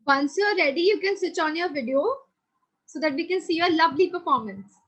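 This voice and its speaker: A woman's voice: very high-pitched, expressive, fairly quick, fairly bright tone, poor audio. A young woman who patiently guides students through an online drama class over a video call. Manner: patient, encouraging, explains step by step. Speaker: drama teacher.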